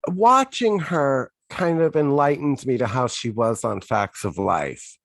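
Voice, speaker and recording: A man's voice: mid-range voice, lively intonation, a little slow, fairly bright tone, dry recording, clean studio sound. A man co-hosting a podcast, making wry, reflective remarks in a casual chat about a TV episode. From United States. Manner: wry, reflective, joking asides. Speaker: podcast co-host.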